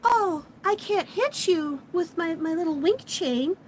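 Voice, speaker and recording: A woman voicing an injured, defiant young heroine girl in a slow, mock-dramatic, raised voice. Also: very high-pitched, animated, darkish tone, slight background noise, pitched above the performer's own voice.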